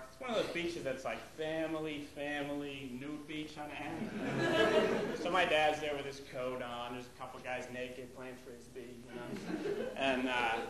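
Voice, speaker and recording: A young man from the Boston area doing stand-up with a wry, conversational delivery. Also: mid-range voice. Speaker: stand-up comedian. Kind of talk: stand-up storytelling. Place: comedy club. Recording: echoey room with loud crowd laughter.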